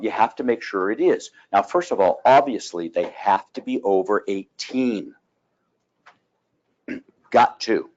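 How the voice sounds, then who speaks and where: A man teaching a continuing education class on real estate law, telling folksy stories and clearing his throat often. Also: on the low side, highs cut off.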